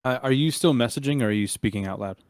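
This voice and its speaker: A man's voice: medium pitch, quick pace, darkish tone, dry recording. A man running a tabletop game as game master, narrating with many hesitations and fillers.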